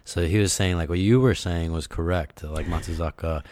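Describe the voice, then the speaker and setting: Low-voiced guy rambling on a podcast, lots of uh and like, dry sound. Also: moderate pace, a little mellow, no echo. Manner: rambling, many fillers and laughs. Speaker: podcast co-host. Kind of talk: casual podcast chat.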